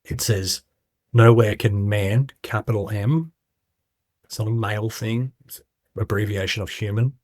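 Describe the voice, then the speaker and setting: A man's voice: fairly low pitch, normal speed, long pauses, no room sound, studio quality. A middle-aged man candidly recounting his story in a casual interview, acting out quoted voices as he goes. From Australia. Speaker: guest.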